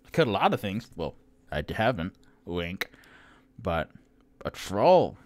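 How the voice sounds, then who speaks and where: A man's voice: fairly low pitch, huge pitch swings, slow pace, no echo, full character voice. A man voicing a boisterous seven-foot half-orc woman warrior who talks in a brash, chatty way.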